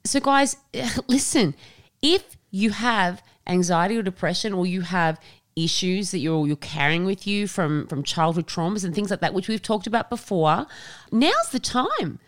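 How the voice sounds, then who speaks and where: A woman's voice: fairly low pitch, moderate pace. A woman, co-hosting a podcast in frank, sweary casual chat. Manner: frank and sweary, animated storytelling. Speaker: podcast co-host.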